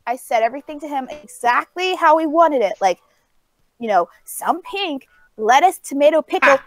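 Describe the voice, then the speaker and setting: A woman co-hosting a casual podcast chat, telling an animated story with laughs and acted-out quotes. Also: high-pitched, moderate pace, no echo. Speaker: podcast co-host.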